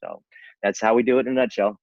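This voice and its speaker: A man's voice: medium pitch, steady tone, fast, darkish tone, no echo, muffled recording. A man in his sixties, an interventionist guest, speaking in an earnest, persuasive way with frequent restarts over a video call. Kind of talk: casual interview talk.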